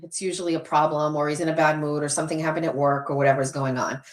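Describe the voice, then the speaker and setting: A middle-aged woman hosts a casual livestream, talking candidly and cursing freely as she reads out viewer comments. Her voice sits a bit low for a woman, and a roomy echo hangs on every word. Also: little pitch movement, fast talker. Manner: candid, chatty, swears freely. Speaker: livestream host.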